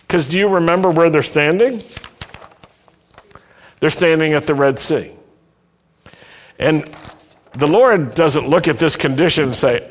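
A man's voice: a little high, expressive, unhurried, long pauses, in a large hall. A man preaching a sermon, stressing his points and asking listeners to repeat lines after him. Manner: emphatic preaching, asks the congregation to repeat lines.

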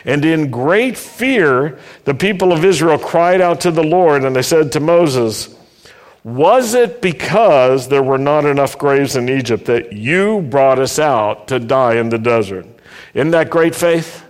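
Slow, emphatic male preacher in a reverberant hall. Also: fairly high pitch, lively intonation. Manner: emphatic preaching, asks the congregation to repeat lines. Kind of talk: sermon.

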